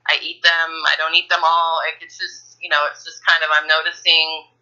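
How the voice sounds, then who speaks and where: Woman caller, frank and rambling, very bright sharp tone, phone-line sound. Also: sits low, little pitch movement, moderate pace. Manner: rambling, many fillers and restarts, frank. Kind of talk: coaching call.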